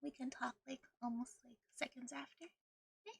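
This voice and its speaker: A woman's voice: high-pitched, fairly even intonation, normal speed, vocal fry, a bit bright, slightly rough, no room sound, clean studio sound. A woman streaming a video game, chatting casually and rambling with frequent laughter. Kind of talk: casual gameplay stream chat.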